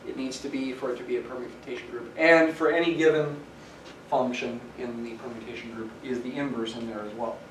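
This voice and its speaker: A man's voice: medium pitch, fairly even intonation, fairly quick. A male professor lecturing in a roomy classroom, his voice carrying from a distance with a faint hiss behind it. He explains patiently, leaning on the important words. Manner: explanatory, stresses key words. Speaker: math professor.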